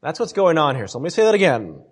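A man teaches a Bible study in a casual, conversational lecture. His pitch swings widely and expressively as he makes each point. He keeps turning to his listeners with "right?" and repeats points to drive them home. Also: big pitch swings, fast, slightly rough.

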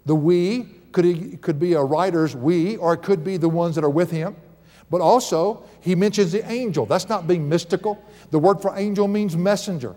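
A man's voice: a little high, darkish tone. A middle-aged man preaching a sermon in a church, emphatic and conversational, with folksy asides and humor. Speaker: pastor. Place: church sanctuary. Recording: long hall reverb.

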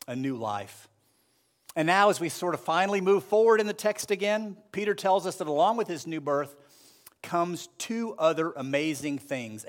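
A male pastor delivering a sermon with a slightly high, clear voice. He speaks earnestly and at a measured pace, stretching out key phrases for weight. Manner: earnest, measured preaching with slow emphatic phrases.

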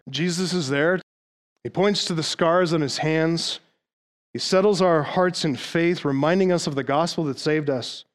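A man preaching an expository sermon as pastor, earnest and emphatic, raising his voice on questions to the congregation. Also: fairly high pitch. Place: church sanctuary.

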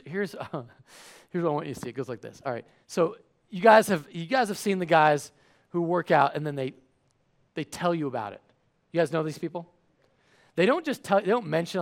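A man's voice: high-pitched, creaky. A man preaching a sermon, telling a funny everyday story and acting out the voices in it. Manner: animated, acts out voices. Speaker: pastor.

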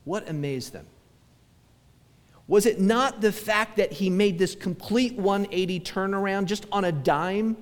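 A man's voice: high-pitched, unhurried, big-room sound. A male pastor preaching a conversational sermon, acting out quoted voices and often restarting his sentences.

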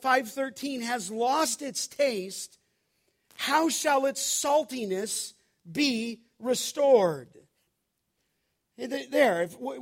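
Pastor guy preaching slow, high voice, gets loud and emphatic. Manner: preaching, rising to emphatic peaks. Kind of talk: sermon.

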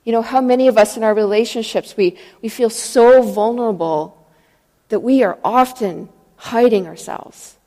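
A woman's voice: on the high side, normal speed, dark tone, big-room sound. A woman preaching a sermon in a church, earnest and storytelling, retelling scripture stories and acting out the voices in them.

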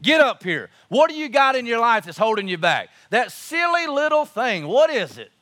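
A man's voice: very high-pitched, big pitch swings, normal speed, a bit bright. A man preaching a sermon as pastor, impassioned and emphatic, repeating his phrases for force.

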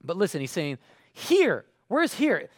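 Animated high-voiced male preacher. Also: moderate pace, dry recording, clean studio sound. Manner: animated, swings from quiet asides to loud bursts; casual, uses fillers. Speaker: pastor. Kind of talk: live sermon.

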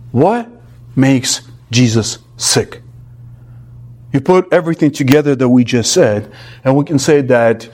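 A man's voice: high voice, a little mellow. A male pastor preaching an expository sermon with emphatic, rhythmic lists.

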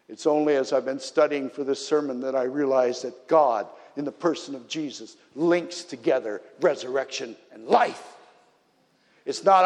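Male pastor, slightly raised pitch, earnest sermon delivery with emphatic builds, long reverb. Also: moderate pace.

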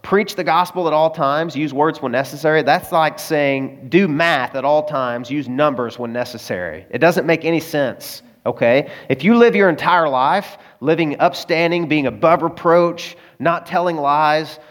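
A man's voice: on the high side, moderate pace, few pauses. A man preaching a sermon in a conversational way, with personal stories and frequent asides to the congregation. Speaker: pastor.

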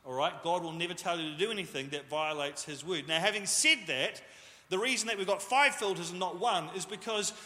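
Male pastor, casual jokey sermon delivery, high and bright, echoing church hall. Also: fairly quick. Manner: jokey, self-deprecating, conversational. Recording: echoey hall reverb.

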